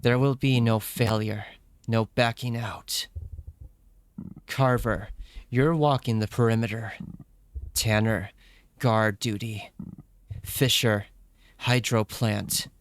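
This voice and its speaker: A man's voice: on the low side, steady tone, slow, long pauses, no room sound. A man reading a stern masked gang leader. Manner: curt, commanding. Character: stern masked male leader giving orders.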